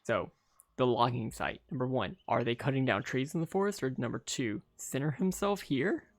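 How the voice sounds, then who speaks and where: A man streaming a game, reading its story aloud with quick asides of his own. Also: mid-range voice, expressive, no echo. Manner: narrates steadily, breaks off with quick asides. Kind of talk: reading a visual novel aloud with commentary.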